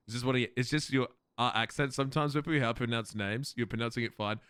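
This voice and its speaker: A man's voice: mid-range voice, fairly quick, a bit bright, clean tone, no room sound, studio quality. A man streaming a game role-play and chatting to viewers, swearing, laughing and rambling.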